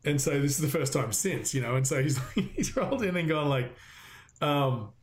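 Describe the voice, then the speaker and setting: A man's voice: a little high, normal speed. Profane man telling a story casually. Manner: swears a lot, animated storytelling with quoted voices. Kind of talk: casual chat.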